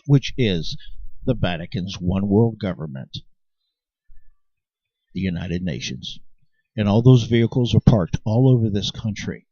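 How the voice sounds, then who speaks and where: A man's voice: fairly low pitch, animated, unhurried, long pauses, mellow, husky, no room sound. A man delivering an impassioned, insistent monologue to his viewers, often restarting his sentences. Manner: emphatic and insistent, with frequent restarts. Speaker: channel host. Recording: dry, dull lo-fi sound.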